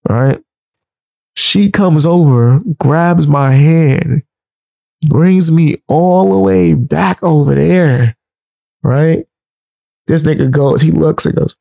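A man spins a wild personal story in loose, profane, animated talk. His voice sits a touch high but sounds dark and mellow, with a gravelly fry running through it. The recording is close and dry. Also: takes it slowly, dry recording, poor audio. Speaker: show host. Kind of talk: casual storytelling.

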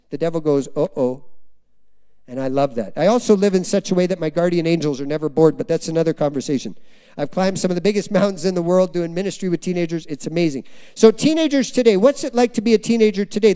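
A man's voice: high voice, clear, resonant tone. A middle-aged man preaching a sermon in a church, telling stories and often asking the congregation questions. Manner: animated, asks the congregation questions. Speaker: guest preacher. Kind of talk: sermon with storytelling.

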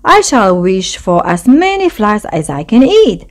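A woman voicing a greedy, croaky male frog in a storybook read-aloud. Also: mid-range voice, big pitch swings, measured pace, voice pushed up.

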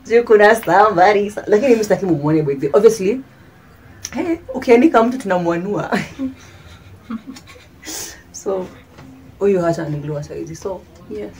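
A woman's voice: medium pitch, lively intonation, moderate pace, pauses often, darkish tone, slight background noise. A young woman with a Kenyan accent, chatting casually as a vlogger, laughing often and switching freely into Swahili slang. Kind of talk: casual chat.

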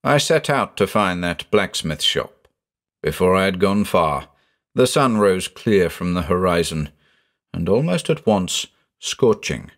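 A man narrating a ghost story in a measured, expressive storytelling style. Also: low voice. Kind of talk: scripted audiobook narration.

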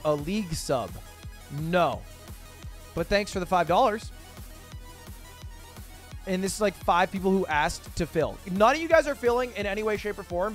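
A man in his twenties streaming, chatting casually with viewers, reading their messages aloud and answering with profane, sarcastic jokes. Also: high voice. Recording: faint music behind.

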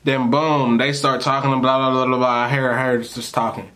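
A man with a medium-pitched voice talks a little fast as he tells a story to camera for his vlog, loose and slangy, rambling and repeatedly breaking into laughter. He's animated and acts out the people he quotes.

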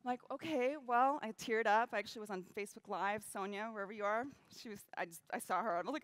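A woman giving a keynote talk on stage, telling a story in an animated way, acting out quotes and laughing often. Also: mid-range voice, quick pace, no echo. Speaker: keynote speaker. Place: event stage.

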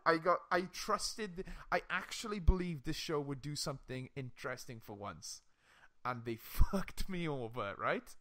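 A young man chats on a podcast, telling a story with plenty of animated energy. His voice sits a little high for a man, and he swears and laughs freely as he goes. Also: a little slow. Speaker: podcast co-host. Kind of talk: casual chat.

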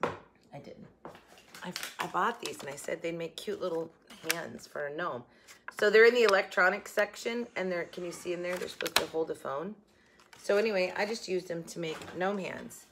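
A middle-aged woman hosting a craft vlog from her kitchen, rambling and animated, correcting herself as she talks. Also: fairly low pitch, normal speed, vocal fry, noisy background. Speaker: crafting channel host. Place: home kitchen.

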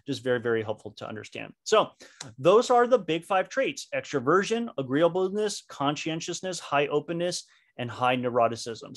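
A man leading a live online training session over a video call. He talks in an animated way, with frequent fillers and restarts. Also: mid-range voice. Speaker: leadership trainer.

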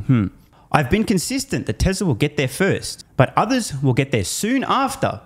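A man hosting a finance video in casual commentary, animated and sarcastic, swearing in disbelief. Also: fairly high pitch, moderate pace. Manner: upbeat sponsor read.

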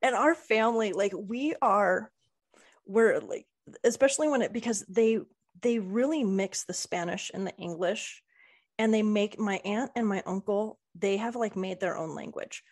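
A woman's voice: mid-range voice, normal speed. A woman author chats as a podcast guest in a loose, easygoing way. She often hesitates with ums and uhs as she finds her words. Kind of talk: casual interview chat.

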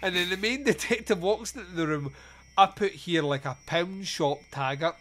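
A man's voice: high-pitched, normal speed, slight background noise. A man hosting a casual comedic podcast, retelling film scenes with sarcastic, sweary asides. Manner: sarcastic, sweary, animated storytelling. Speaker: podcast host reviewing a film.

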